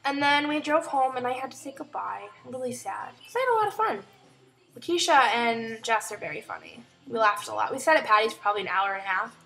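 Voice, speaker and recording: A woman's voice: a little high, fast, gravelly, hardly any pauses. Chatty young woman telling a story. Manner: chatty, animated retelling with quoted voices. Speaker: vlogger. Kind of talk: casual storytelling vlog.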